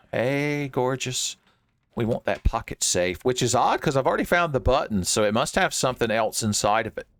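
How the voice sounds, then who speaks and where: A man narrating his own gameplay in a loose, joking commentary voice. He cracks jokes and chats to the monsters on screen as if they could hear him, with a middle-pitched voice. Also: animated, normal speed, a bit bright, no echo, studio quality. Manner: joking, talks to the enemies on screen. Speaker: gaming channel host. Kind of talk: let's play commentary.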